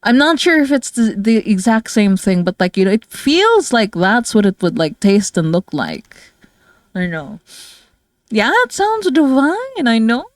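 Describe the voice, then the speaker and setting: A tired, low-energy woman from the Philippines chatting casually with her viewers as a streamer, rambling with many fillers and soft laughs. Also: very animated, a little slow, no echo, clean studio sound. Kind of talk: casual livestream chat with viewers.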